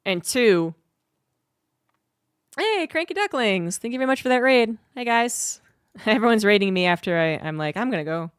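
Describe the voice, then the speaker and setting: A woman's voice: on the high side, sing-song, moderate pace, pauses often, smooth, no echo, clean studio sound. A woman streamer in a casual livestream chat, telling a rambling, cursing story.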